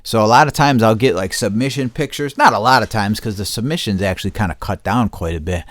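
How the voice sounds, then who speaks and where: A man's voice: on the low side, fast, dry recording, clean studio sound. A man hosting a casual chat show, talking loosely, swearing often and laughing between thoughts. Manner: loose, profane, laughing asides. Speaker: podcast host.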